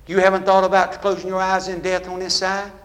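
A man preaching a sermon with call-and-response that builds into shouting. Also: sits high, monotone, fairly quick.

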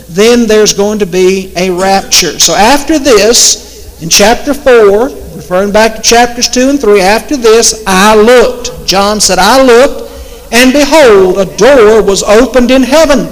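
A man preaching in a very high voice, drawing out his words slowly and with emphasis. He leans hard on the scripture he quotes. His voice rings through a hall with a long echo. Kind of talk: sermon.

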